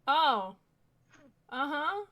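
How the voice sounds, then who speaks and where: Woman, high voice, teasing wry remarks, casual roleplay chat. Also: sing-song, drawn-out words, lo-fi sound. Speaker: roleplay player.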